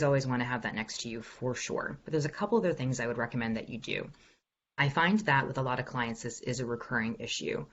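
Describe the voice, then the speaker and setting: Upbeat woman coaching over a dull video call. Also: a bass voice. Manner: upbeat, encouraging coaching with demonstrations. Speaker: executive voice coach. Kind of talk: online workshop Q&A.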